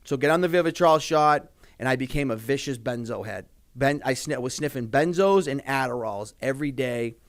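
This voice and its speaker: A man's voice: medium pitch, normal speed, few pauses. A young man, a podcast guest in casual talk, rambling with many fillers and heavy swearing.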